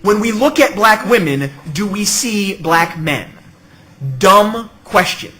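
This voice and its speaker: A man's voice: high-pitched, expressive, slow pace, pushed and bright, rough recording. A middle-aged man speaking on an academic panel, witty and emphatic, often checking in with "okay?" and "right?". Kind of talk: academic conference talk.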